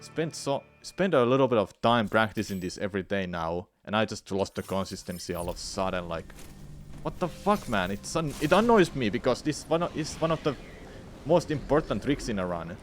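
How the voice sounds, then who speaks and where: A young male streamer grumbles through a speedrun, swearing at a tricky move. His voice swings widely from low muttering to sharp outbursts, with faint game music underneath. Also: lively intonation, a little fast. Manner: frustrated, swearing, muttering to himself. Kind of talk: live streaming commentary while playing.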